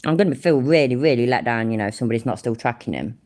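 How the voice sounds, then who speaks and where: A woman's voice: a bass voice, expressive, racing, darkish tone. A woman hosting a live reaction stream, blunt and sarcastic, swearing constantly as she comments on a video. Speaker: livestream reaction host.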